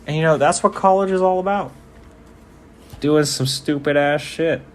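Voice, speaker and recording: Slight background noise accompanies a man's somewhat high voice at a moderate pace. He's commentating on game video, relaxed and jokey, dropping swear words freely.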